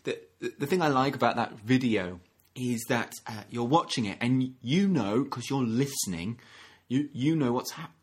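A man giving a gentle, reflective sermon, often restarting phrases and acting out short quotes. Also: medium pitch, expressive, normal speed, few pauses, slightly rough. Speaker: minister.

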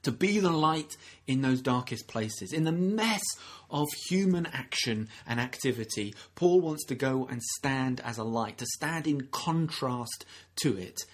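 A man delivers a sermon with a husky, slightly breathy voice at a middling pitch. He speaks earnestly and conversationally, circling back over his phrases as he explains. He slips into the voices of the people he quotes to bring the story to life. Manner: earnest, acts out quoted speakers, frequent restarts. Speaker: preacher.

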